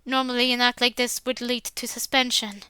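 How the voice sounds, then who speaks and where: A stern, formal older headmaster scolds in measured, lecturing sentences, as a woman reads his part. The tone is bright and crisp, close and dry, as in a visual novel reading. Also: a little high, little pitch movement, no room sound. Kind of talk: visual novel read-aloud.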